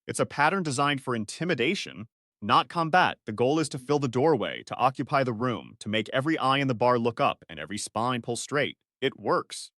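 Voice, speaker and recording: A man's voice: medium pitch, expressive, fairly quick, a bit bright, dry recording, clean studio sound. Analytical man narrating sci-fi fiction. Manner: clipped, analytical sentences. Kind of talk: first-person sci-fi story narration.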